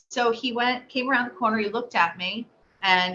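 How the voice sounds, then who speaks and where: Bright-voiced woman telling a personal story. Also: a little high, brisk. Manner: animated, acts out quoted voices. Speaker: interview guest. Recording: slightly dull audio with faint noise.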